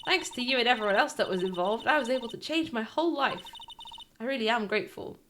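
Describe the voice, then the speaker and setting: A woman voicing a composed, reserved woman managing an exhibit, speaking in a soft, measured way. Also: a little high, animated, slight background noise. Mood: grateful.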